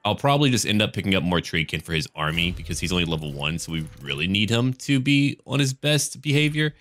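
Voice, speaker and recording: An American man giving relaxed, jokey commentary over a strategy game as he plays, chatty and swearing casually. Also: deep voice, quick pace. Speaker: gaming let's-play host.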